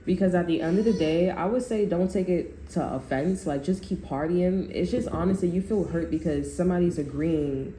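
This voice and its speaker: In an echoey room with faint noise, a mellow, medium-pitched voice does a casual tarot reading for viewers. The talk is loose, slangy and profane, rambling along with many restarted sentences.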